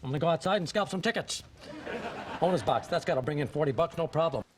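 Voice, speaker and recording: A man's voice: a little high, lively intonation, fast talker, noisy background, natural voice. An actor playing a rambling, blustery male baseball team owner who bosses his staff around in a sitcom. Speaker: boss. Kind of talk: sitcom acting.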